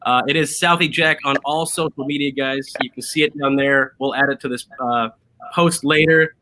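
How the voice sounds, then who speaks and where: A man's voice: medium pitch, fairly even intonation, normal speed, bright, forceful tone, a little hiss or hum. A man hosting a casual online drinking show over a video call, upbeat and chatty with lots of fillers. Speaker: show host.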